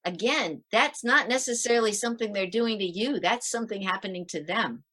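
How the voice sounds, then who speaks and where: A middle-aged woman on a video call, giving parenting advice in a lively interview and acting out her tips with sighs. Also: medium pitch, brisk. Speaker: parenting author guest. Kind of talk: animated interview talk.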